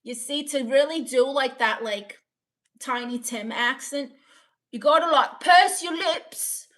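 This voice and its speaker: A woman's voice: sits high, a little slow, fairly bright tone, recorded from a distance. A woman putting on an exaggerated, sing-song British accent as a chipper cartoonish everyman, lips pursed. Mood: singsong. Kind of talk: comic impression on a live stream.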